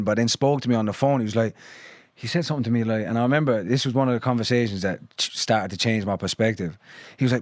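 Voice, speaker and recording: A man's voice: mid-range voice, quick pace, no echo, studio quality. A young man who grew up between London and Ireland, chatting loosely as a podcast guest, swearing freely and filling his talk with "like" and "you know". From London and New Ross, Ireland. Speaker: musician guest. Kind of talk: casual podcast chat.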